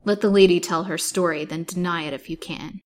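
A woman's voice: on the low side, steady tone, brisk, close to an everyday voice. A woman voicing a brusque, scheming male physician in a storybook reading, commanding and impatient.

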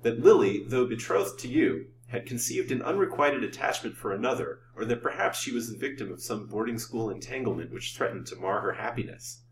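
A man voicing an elegant, silvery-voiced widow in her thirties who speaks softly and reluctantly, in a roomy recording from a distant mic. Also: mid-range voice, expressive, brisk, few pauses, slight background noise, close to an everyday voice. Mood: soft, hesitant. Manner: soft, murmuring, reluctant.

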